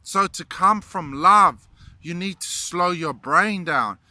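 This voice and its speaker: A man's voice: high-pitched, slow pace, bright, forceful tone, dry recording, low-quality recording. A man giving a motivational talk, telling a story and giving tips in an earnest, emphatic way. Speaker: motivational speaker.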